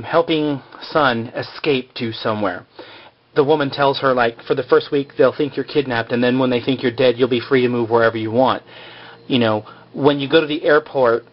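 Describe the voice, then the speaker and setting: A man's voice: mid-range voice, lo-fi sound. A man casually recapping a TV episode, rambling with lots of fillers like "like" and "you know.".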